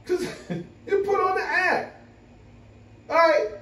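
A man chatting casually to camera as a vlogger, animated and laughing often. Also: very high-pitched, slow pace. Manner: animated, laughing, full of "you know". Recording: roomy, from a distance.

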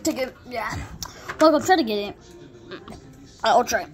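A woman doing playful role-play commentary for a gaming video, excitable and jumping between hushed whispers and sudden yelps. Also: on the high side, a little slow, soft background music.

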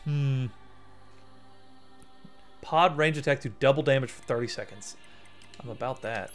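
A man streaming a video game, chatting in a rambling, excitable way as he plays. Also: medium pitch, unhurried. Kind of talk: let's play commentary. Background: faint game music.

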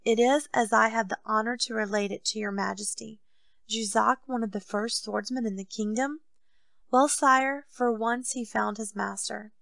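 A woman reading aloud voices a loyal male captain of musketeers, speaking in measured, deferential pleading to his king. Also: a little high, steady tone, creaky, a bit bright, no room sound. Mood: earnest.

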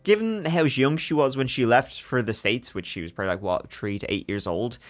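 A man's voice: medium pitch, brisk, soft background music. Joking man telling a true-crime story. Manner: joking, laughs between story parts. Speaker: podcast co-host.

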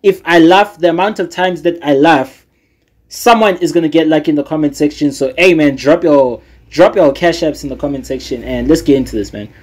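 A man's voice: a little high, brisk. A man hosting a reaction video, talking to viewers in a hyped, slangy way. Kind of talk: casual reaction commentary.

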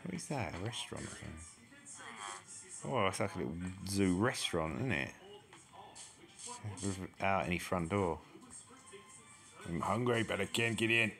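Slow, low-voiced man exploring a game. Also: lively intonation, gravelly, fairly bright tone, soft background music. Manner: chatty, exclaims at each discovery. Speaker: gaming channel host. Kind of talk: casual let's-play commentary.

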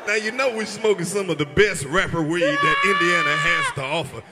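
High-voiced comedian over a roaring crowd. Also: male voice, expressive, a little fast, heavy background noise. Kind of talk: storytelling stand-up banter. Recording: live hall with loud crowd.

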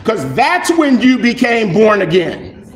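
A male pastor preaching a sermon in an animated, conversational way, acting out little dialogues. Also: high voice, unhurried, roomy sound. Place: church.

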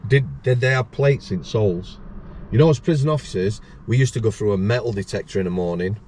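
A middle-aged man speaks in a fairly low voice and spins long stories with lots of restarts. He slips into other people's voices as he tells them. A faint hiss of noise sits under the recording. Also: fairly quick, darkish tone. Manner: rambling anecdotes, acts out voices, frequent restarts. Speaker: former prison officer, podcast host. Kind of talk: casual storytelling chat.

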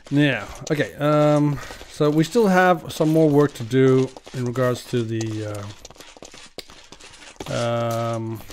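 A man's voice: medium pitch, slight background noise. A man hosting a let's play, chatting casually as he plays and talking to the characters in the game. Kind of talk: casual gameplay commentary.

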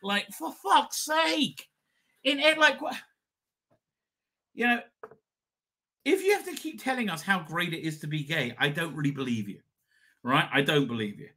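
Chatty, bright-voiced man. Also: on the high side, sing-song, moderate pace, long pauses, husky. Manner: rambling, swears, chuckles often. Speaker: livestream host. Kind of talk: casual live chat reading comments.

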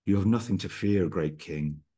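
A wise druid seer from a read-aloud story, as a man puts him on. He speaks gravely and calmly in a very deep voice with a husky edge. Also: moderate pace. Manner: grave, calm.

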